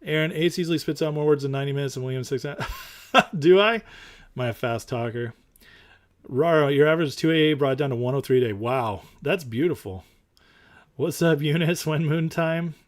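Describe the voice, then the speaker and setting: A man's voice: fairly high pitch, normal speed. Male livestream host, casual chat, emphatic and rambling, answers viewer comments. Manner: rambling and emphatic, with fillers and restarts.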